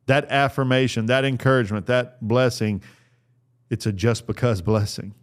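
A man's voice: mid-range voice, fairly even intonation, moderate pace. A middle-aged man giving an earnest, sermon-style talk on fatherhood, repeating his phrases for emphasis. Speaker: speaker on fatherhood.

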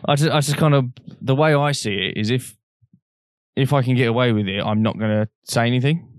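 A man's voice: medium pitch, a little fast, no room sound, studio quality. A young man telling a frank personal story on a podcast, swearing freely and acting out the voices of people he quotes. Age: young adult. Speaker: podcast co-host. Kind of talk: casual storytelling chat.

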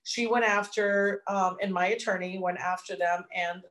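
A middle-aged woman telling a personal story as an interview guest, animated and acting out what people said. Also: mid-range voice, normal speed. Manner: animated, acts out dialogue. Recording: echoey room.

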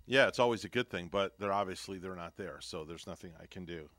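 A man's voice: deep voice, quick pace, a bit bright, dry recording. A man co-hosting a radio morning show in casual on-air chat, rambling with lots of fillers and restarts.

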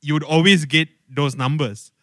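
A man's voice: fairly high pitch, steady tone, normal speed, sharp tone, no room sound, clean studio sound. A man with a Malaysian English accent, hosting a casual podcast chat and telling stories with enthusiasm. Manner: chatty, enthusiastic storytelling. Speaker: podcast host.

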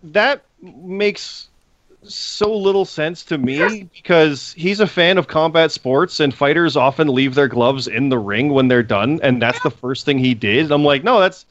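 A man's voice: on the high side, unhurried. Man on a dull, lo-fi podcast mic. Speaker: podcast co-host. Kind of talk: casual chat. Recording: dull lo-fi sound with faint noise.

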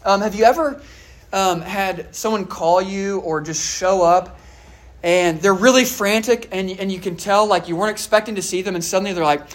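At a normal speed and in a mid-range voice, a preacher delivers a conversational sermon, putting questions to the listeners. He leans heavily on fillers, often saying "all right" and "uh."

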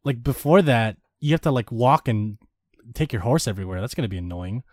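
A man's voice: medium pitch, lively intonation, a little fast, no room sound, studio quality. A man co-hosting a casual video game chat, teasing and agreeable, laughing easily. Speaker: video game podcast co-host.

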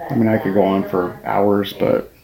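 A man speaks about his bride with halting sincerity. His voice is low and gravelly, with a dark, mellow tone. He keeps restarting his sentences as he searches for words. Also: little pitch movement, low-quality recording. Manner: hesitant, with many restarts. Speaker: groom. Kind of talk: heartfelt casual talk.

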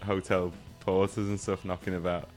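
A man's voice: deep voice, level tone, moderate pace, a little mellow, soft background music. A man who is a musician and a guest on a podcast, chatting casually in a joking, playful way. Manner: joking, playful, laughs often. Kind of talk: casual chat.

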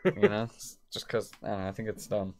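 A man's voice: on the low side, very animated, a little fast, a little mellow. A man in casual chat, blunt and swearing freely, making dry jokes while ranking bands.

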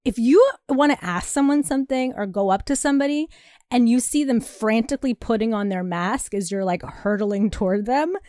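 A woman with a fairly high voice co-hosts a podcast from a Brooklyn apartment, telling a story in casual chat at a normal speed. She's animated, laughs often, and acts out what people said, all captured in clean studio sound with no echo.

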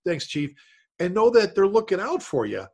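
Husky man telling rambling stories. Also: high voice, very animated, a little mellow. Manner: rambling, halting, many restarts and "you know"s. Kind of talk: casual podcast storytelling.

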